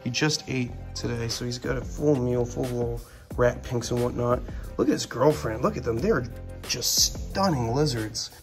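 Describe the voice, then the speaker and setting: A man's voice: mid-range voice, normal speed, over music. Chatty man showing off his reptiles. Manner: chatty, enthusiastic, coos at the animals. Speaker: reptile keeper and show host. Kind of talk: casual animal-care vlog. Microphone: phone propped up on a can.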